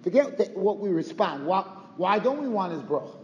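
A Torah teacher with a high-sitting, darkish voice delivers a very animated lecture at normal speed, firing off rhetorical questions and mixing in Yiddish and Hebrew terms. The recording has roomy reverb, a dull lo-fi sound, and faint noise.

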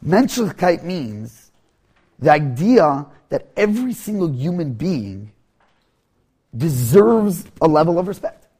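A man telling a teaching story, often halting, repeating words and restarting. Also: a little high, big pitch swings, mellow, husky. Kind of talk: storytelling lesson.

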